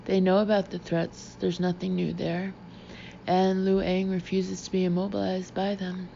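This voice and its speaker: A woman's voice: lowish voice, little pitch movement, normal speed, gravelly, warm tone, dull audio, slight background noise. A woman reading an audiobook, voicing a weary, defiant male field agent who talks tersely and grimly. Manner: terse, grim.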